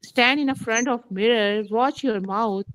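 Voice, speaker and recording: Soft-spoken woman reading aloud carefully. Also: a little high, smooth, dry recording, poor audio. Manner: reads slowly and carefully, with non-native grammar. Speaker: student in an online class.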